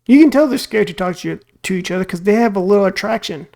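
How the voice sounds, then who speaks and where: Creaky-voiced man musing casually. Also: high voice, expressive, fast talker, a little mellow. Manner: rambling and musing, with many fillers and acted-out quotes. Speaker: reaction video host. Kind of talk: casual reaction commentary.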